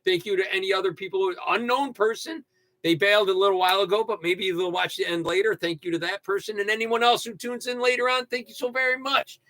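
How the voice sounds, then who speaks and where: An older man hosting a casual livestream, ranting and joking with sudden loud outbursts. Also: sits high, fast, no echo. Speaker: livestream host. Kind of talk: casual livestream rant and sign-off.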